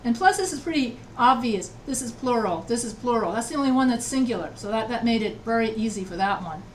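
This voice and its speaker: A woman writing instructor teaches an online class, repeating things patiently and checking that everyone is keeping up, animated and a little fast. Her slightly high voice sounds distant from the laptop mic, with a faint hum beneath the video-call audio.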